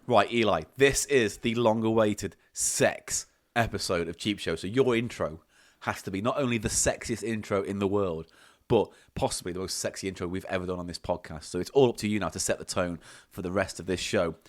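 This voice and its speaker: A man hosting a comedy podcast, chatting in an animated, teasing way. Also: lowish voice, brisk. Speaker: podcast host. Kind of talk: casual comic chat.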